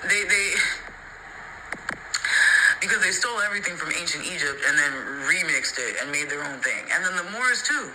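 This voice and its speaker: A man's voice: fairly high pitch, animated, moderate pace, long pauses, noisy background. A man in an opinionated, heated rant to the camera, emphatic and profane, repeating his points and mocking others. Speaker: social media creator.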